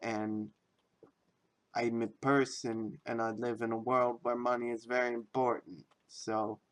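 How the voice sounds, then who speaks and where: A man's voice: medium pitch, level tone, unhurried, no echo. Offhand, rambling man. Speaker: game modder. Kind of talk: casual video walkthrough.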